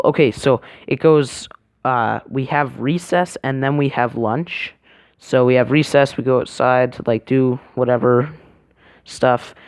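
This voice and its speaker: A man's voice: medium pitch, clean tone, no echo, clean studio sound. Rambling young guy telling a story. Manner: rambling, hesitant, full of fillers and self-corrections. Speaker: vlogger. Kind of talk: casual storytelling vlog.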